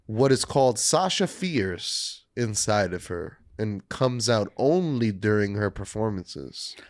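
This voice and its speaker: A lower-voiced man who talks very slowly, dropping wry asides into a casual podcast chat. The recording is dry and close. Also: lively intonation, dry recording. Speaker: podcast co-host.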